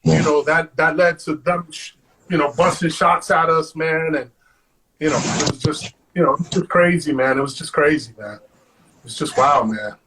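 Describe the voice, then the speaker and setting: Husky high-voiced New storyteller man. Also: normal speed, rough recording. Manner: animated, acts out quotes, says "man" constantly. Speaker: interview guest.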